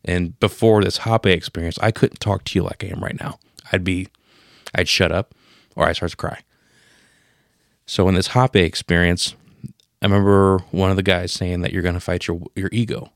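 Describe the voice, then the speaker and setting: Deep voiced guy telling a heavy story on a podcast, swears a lot, dry close sound. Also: steady tone, normal speed, creaky, dry recording. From Pennsylvania. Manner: emotional, profane, says boom for scene changes. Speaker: podcast co-host. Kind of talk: casual storytelling.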